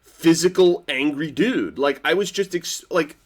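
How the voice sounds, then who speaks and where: A man giving a casual reaction review of a TV episode, rambling with lots of "like" fillers and restarts, swinging between excited and quiet. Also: a little high, measured pace. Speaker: TV show reviewer.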